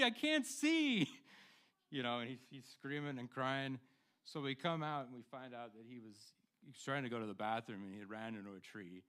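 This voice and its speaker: A man's voice: on the low side, pushed and bright, clean tone. A man, a parent, telling a funny story at a church ceremony with a chuckle. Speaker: parent of a new Eagle Scout. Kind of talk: informal speech at a ceremony.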